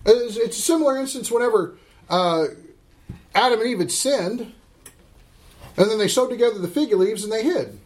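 A middle-aged man teaching a Bible class, emphatic and slowing down to stress scripture as he asks the class questions. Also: sits high, lively intonation.

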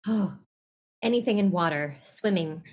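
A woman's voice: on the low side, expressive, measured pace, darkish tone, breathy edge. A woman being interviewed in a casual chat. She rambles, trails off mid-thought and laughs often. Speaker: interview guest.

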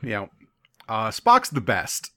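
A man's voice: on the low side, huge pitch swings, slow, bright, forceful tone. A man co-hosting a podcast, rambling enthusiastically and swearing casually as he recaps a TV episode. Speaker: podcast co-host.

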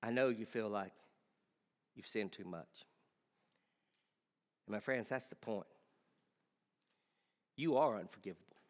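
A man preaching a sermon with impassioned delivery that swings between shouting and hushed pleading. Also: on the low side, measured pace, long pauses, big-room sound.

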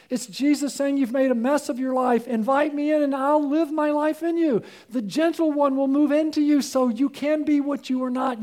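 A man preaching a sermon in an earnest, pleading way, swinging between hushed appeals and raised emphasis. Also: high-pitched.

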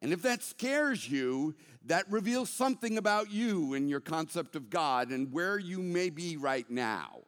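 Animated male preacher in a reverberant hall. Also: smooth. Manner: emphatic, swinging between bursts and slow, low asides. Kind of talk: sermon.

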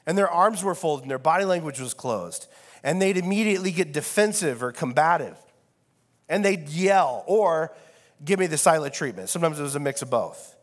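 Brief: male pastor, slightly high voice, wry chatty sermon, long hall echo. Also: lively intonation, moderate pace. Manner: casual and wry, with many fillers. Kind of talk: conversational sermon. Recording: long reverb of a large hall.

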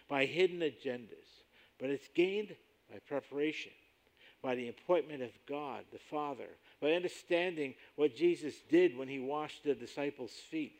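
A man preaching a sermon as pastor, emphatic and rising sharply on key points, slowing down when he reads scripture aloud. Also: fairly high pitch. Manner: slows down to read scripture aloud.

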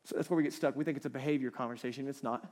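A man in his thirties preaching a conversational sermon, animated and chatty, laughing lightly between points. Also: medium pitch, very fast. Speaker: pastor.

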